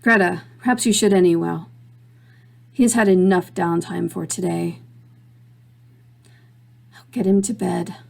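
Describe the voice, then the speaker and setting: A woman reading a story, giving the lines of a practical asylum nurse who speaks in a brisk, firm way. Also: on the low side, fairly even intonation, gravelly, full character voice.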